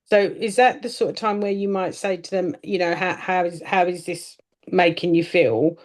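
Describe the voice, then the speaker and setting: A woman learning hypnotherapy asks question after question, stopping and restarting as she thinks aloud. Her voice sits fairly low for a woman. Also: steady tone, moderate pace. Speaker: trainee hypnotist. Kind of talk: casual chat, asking questions.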